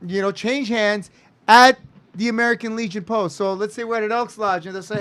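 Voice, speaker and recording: A man's voice: extremely high pitch, fairly quick, fairly bright tone. A man talks up an upcoming wrestling card. He rambles, stumbles over names and corrects himself as he goes, in loose promo-style patter. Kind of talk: casual promo chat.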